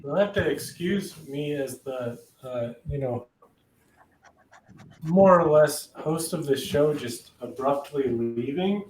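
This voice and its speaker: A man hosting a casual livestream chat, talking haltingly with many fillers and laughing at himself. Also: on the high side, reverberant, distant mic, a little hiss or hum, low-quality recording. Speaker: host.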